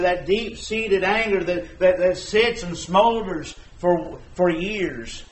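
A man's voice: sits high, slow pace, rough recording. Preaching man. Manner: conversational preaching, rising to emphatic exhortation. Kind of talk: sermon.

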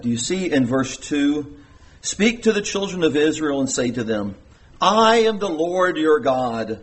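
Earnest man preaching a sermon. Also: a little mellow. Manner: earnest, emphatic preaching with sudden rises in pitch. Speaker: pastor.

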